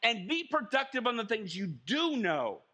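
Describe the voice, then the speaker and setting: A man preaching a sermon as pastor, animated and acting out little scenes. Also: very high-pitched, normal speed. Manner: animated, acts out little scenes with shouted voices. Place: church.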